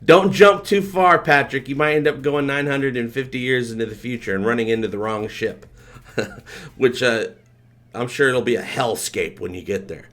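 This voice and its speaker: A man hosts a live stream in a loose, rambling way. He talks with excitement and keeps thanking his viewers. His voice sits at an ordinary middle pitch. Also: normal speed. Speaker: livestream host. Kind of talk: casual live-stream chat.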